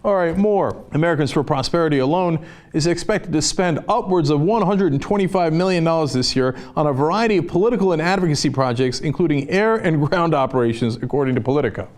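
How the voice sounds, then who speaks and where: A man's voice: on the high side, lively intonation, fast, darkish tone. A man hosting a political commentary show, delivering an impassioned opinion monologue with sarcastic, fired-up ranting.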